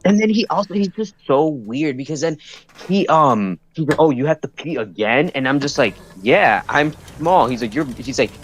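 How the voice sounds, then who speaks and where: A man who works as an EMT, venting in casual podcast chat, animated and swearing, full of "dude" and "bro". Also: on the high side, a little fast, slight background noise.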